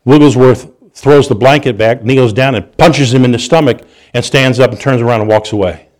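Man preaching, storytelling sermon, animated, stumbles and chuckles, mid-pitched voice. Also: normal speed.

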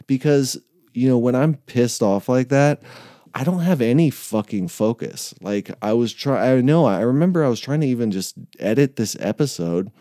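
A man's voice: lowish voice, dark tone, no echo, clean studio sound. A man hosting a podcast, talking in a loose, casual monologue, swearing freely and laughing often. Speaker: podcast host.

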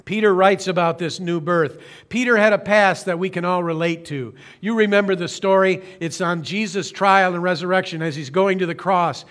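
Male pastor with a higher-pitched voice, earnest and slow-phrased sermon delivery, occasional self-corrections. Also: steady tone, fairly bright tone. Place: church streaming service.

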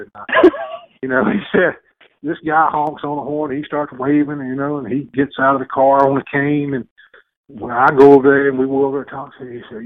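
A man's voice: mid-range voice, fairly quick. A man telling a rambling, folksy story as a podcast host. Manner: rambling, folksy, lots of restarts and quoted voices. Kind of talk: casual storytelling. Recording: tinny phone-like radio sound.

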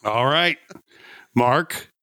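A man's voice: medium pitch, lively intonation, very slow, bright, forceful tone, dry recording, clean studio sound. A man hosting a podcast game show, reading out case summaries and often breaking into laughter.

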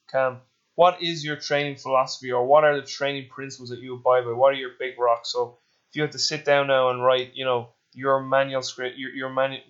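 A man's voice: mid-range voice, a bit bright, muffled recording. An Irish man hosting a casual interview, rambling and repeating words, swearing freely. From Ireland. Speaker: podcast host.

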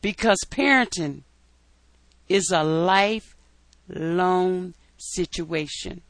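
A woman's voice: fairly low pitch, extremely slow, dry recording. A middle-aged woman, the host's mother as a guest, arguing her point firmly in a casual debate. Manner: firm, insistent.

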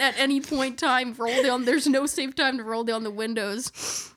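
A woman's voice: high voice, fairly even intonation, unhurried, sharp tone. A young woman telling a story in casual chat on a podcast, giggling and laughing her way through it. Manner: giggly, often breaking into laughter mid-sentence.

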